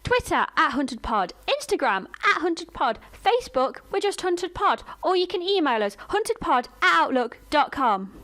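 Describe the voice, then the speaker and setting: A woman's voice: sits high, very animated, moderate pace, few pauses, fairly bright tone. A woman co-hosting a casual podcast, friendly as she reads out contact details. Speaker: podcast co-host.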